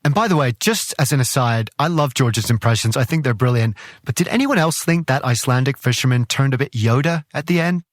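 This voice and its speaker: A man's voice: mid-range voice, fairly quick, no echo. Male host, enthusiastic conversational narration, dry close recording. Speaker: podcast host. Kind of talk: scripted narration.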